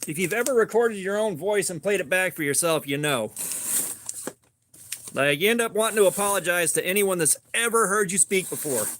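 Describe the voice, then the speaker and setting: A man's voice: high voice, animated, a bit bright, a little hiss or hum. A man hosting a casual livestream, joking and rambling as he answers viewer comments. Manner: joking, rambling, quick asides. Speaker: livestream host. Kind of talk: casual live chat reading comments.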